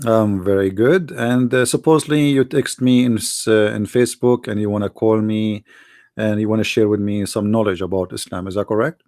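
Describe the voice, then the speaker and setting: The host of a live call-in debate stream, a Middle Eastern man with an Arabic accent, keeps challenging callers with insistent questions. He talks briskly in a lowish, slightly mellow voice with fairly even intonation, and the studio audio is clean and echo-free.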